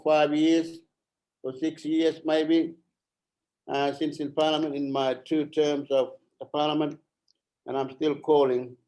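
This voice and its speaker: A middle-aged man from Arnhem Land speaking at an online forum as a member of parliament, halting and earnest, repeating phrases, a little out of breath. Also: fairly high pitch, a little mellow, poor audio. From Arnhem Land, Australia.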